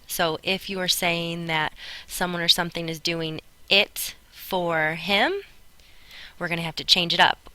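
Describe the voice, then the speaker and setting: A woman records a voice-over on her notes for a Spanish grammar lesson, walking through each step clearly and patiently. Her voice is fairly low with a sharp tone.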